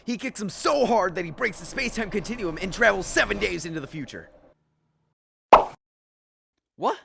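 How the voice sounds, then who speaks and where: A man narrating a comedic cartoon story with a rambling, animated manner and offhand asides. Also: high voice, normal speed, creaky, pauses often, over loud music. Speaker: creator and narrator.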